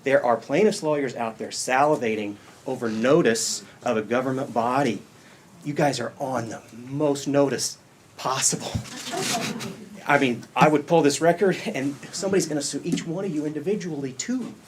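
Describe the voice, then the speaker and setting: A man's voice: mid-range voice, moderate pace, a little hiss or hum. A man giving an urgent, warning public comment to a board, with restarts.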